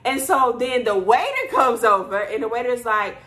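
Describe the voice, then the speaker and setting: A woman's voice: a little high, sing-song, normal speed, few pauses, fairly bright tone, roomy sound. A woman, chatting casually to camera in her apartment as a vlogger, telling stories with lots of fillers. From Houston, Texas. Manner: chatty storyteller, many fillers. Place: bedroom apartment indoors.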